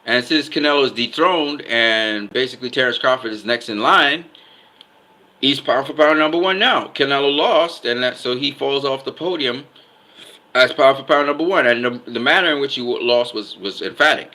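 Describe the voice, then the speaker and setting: A man's voice: medium pitch, normal speed, bright, forceful tone, low-quality recording. A man giving casual boxing commentary, emphatic, often repeating himself and stopping to ask "okay?".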